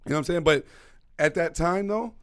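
A man chatting on a podcast, his fairly high voice moving along at a brisk clip. He tells stories with a gravelly edge and keeps checking in with "you know what I'm saying." The talk stays loose and casual, with plenty of laughter. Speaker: podcast co-host.

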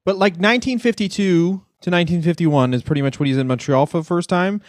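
Slightly high-voiced joking man, dry sound. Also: quick pace, no echo. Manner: profane, absurd riffs, laughs at his own bits. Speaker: podcast co-host. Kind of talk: casual comedic chat.

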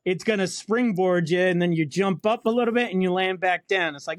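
A man's voice: high voice, brisk, dry recording, studio quality. A man in casual, profane chat, telling blue-collar work stories.

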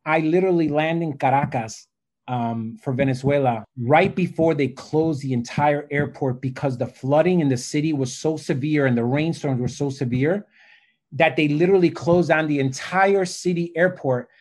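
A man telling stories in a casual podcast chat, animated and fond of saying "literally" and "right?". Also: on the high side, normal speed. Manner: animated storyteller, says "literally" and "right?" often. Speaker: podcast guest.

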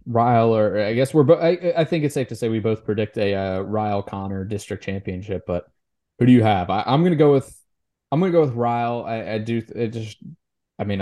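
Halting, low-voiced sports podcast man. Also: dark tone. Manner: halting, with many restarts and repeated words. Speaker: co-host of a high school sports podcast. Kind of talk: casual sports chat.

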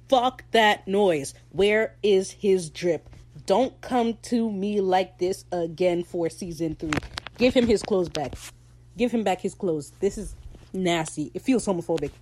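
A woman's voice: mid-range voice, measured pace, a little mellow, slight background noise. A woman hosting a podcast, recapping a TV episode in slangy, opinionated casual chat and laughing easily. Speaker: podcast host.

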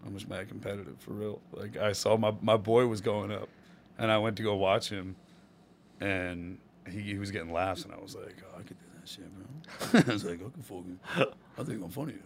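A man tells loose, slang-heavy stories in a casual chat and laughs as he goes. His voice sits on the low side. A faint hum of room ambience runs underneath. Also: steady tone, brisk, creaky. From Rhode Island. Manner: laid-back slangy storytelling, laughs often. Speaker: stand-up comedian, guest.

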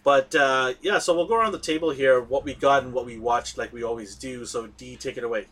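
A middle-aged man hosting a podcast in casual chat, animated, laughing often and trailing off with fillers. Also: mid-range voice, brisk. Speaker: podcast host.

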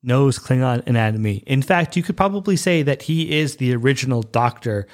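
A man's voice: mid-range voice, animated, fairly quick. A man giving casual fan commentary, ranting passionately and with exasperation.

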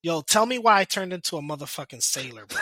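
A man tells a rowdy story as a podcast guest, his high voice leaping up and down as he laughs through it. The sound is bright and sharp. It is recorded dry and close, with no room echo. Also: quick pace. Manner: animated, laughing, slangy storyteller. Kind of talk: casual storytelling.

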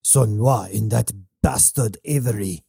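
A man voicing a grim, vengeful husband in an audiobook, speaking low and flat. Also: a little slow, gravelly, breathy edge, no echo, clean studio sound, soft background music, exaggerated voice. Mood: distant. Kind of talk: audiobook narration.

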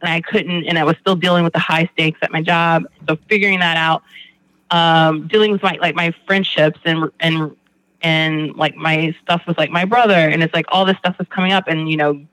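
A man with a bright, forceful voice, a little higher than most, talks through his story in a rambling, candid way. The sound is dry and close, with no room around it. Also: fairly even intonation, normal speed, no room sound, low-quality recording. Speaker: guest in recovery. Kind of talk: candid conversation.

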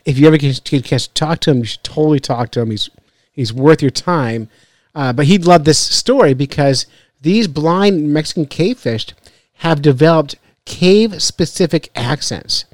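A man's voice: fairly high pitch, expressive, moderate pace, a little mellow, no echo. A man hosting a fishing podcast, chatting casually in a joking, rambling way and laughing often. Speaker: podcast host. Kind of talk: casual chat.

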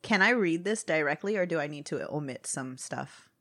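A woman's voice: sits low, moderate pace. A young adult woman co-hosting a casual podcast, chatting and then reading a story aloud with lots of ums. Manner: relaxed, hesitant with frequent ums.

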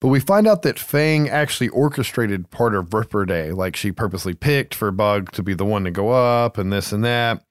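A man's voice: on the low side, lively intonation, normal speed, hardly any pauses, no echo, clean studio sound. A man co-hosting a casual movie recap, loose and profane, laughing easily. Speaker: podcast co-host.

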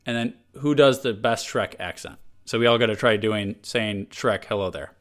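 A man's voice: medium pitch, normal speed, a bit bright. A man hosting a casual podcast chat. He talks in an easygoing way and rambles with false starts. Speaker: podcast host.

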